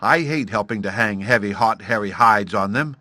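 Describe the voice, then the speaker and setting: A man voicing an excitable little cave girl in a storybook reading, eager and bubbly. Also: lowish voice, normal speed, dry recording. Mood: fretful.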